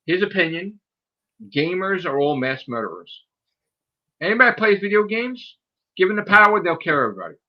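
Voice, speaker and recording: A man hosting a podcast, ranting in a heated, profane way and mimicking people in high voices. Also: sing-song, a little fast, pauses often, muffled recording. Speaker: podcast host. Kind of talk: heated casual podcast rant.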